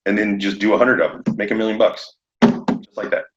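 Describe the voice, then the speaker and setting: A man talking shop as a podcast guest, animated and laughing often as he acts out conversations. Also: lowish voice, brisk. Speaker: podcast guest, roofing contractor. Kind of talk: casual podcast chat. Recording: echoey room, dull lo-fi sound.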